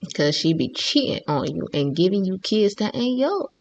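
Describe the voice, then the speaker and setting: A woman's voice: mid-range voice, sing-song, moderate pace, faint music behind. A woman hosting a reaction video, talking back at the screen in a teasing, exasperated way. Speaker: reaction host. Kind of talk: casual reaction commentary.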